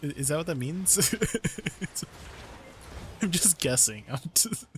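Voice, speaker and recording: A man's voice: a little high, lively intonation, takes it slowly, background noise. A young man streaming a game in casual chat, laughing often between sentences. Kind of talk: casual chat while gaming.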